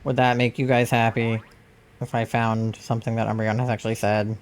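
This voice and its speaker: A woman's voice: a bass voice, little pitch movement, brisk, a little mellow, slight background noise. A young adult woman chatting casually on a live stream, rambling and filling her talk with "like". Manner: rambling, full of "like" fillers. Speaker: livestreamer.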